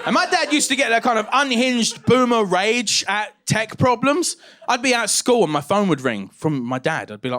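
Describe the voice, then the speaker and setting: A stand-up comedian, telling stories on a comedy stage into a handheld mic. His voice sits high for a man and swoops all over the place, jumping into loud shouted punchlines. The delivery is animated and restless. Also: moderate pace, noisy background. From England. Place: comedy stage with a live audience.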